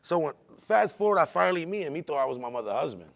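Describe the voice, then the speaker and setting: A man from the Bronx, telling his personal testimony in a casual, animated way with street slang. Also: a little high, quick pace, gravelly. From the Bronx, New York. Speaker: speaker giving a personal testimony.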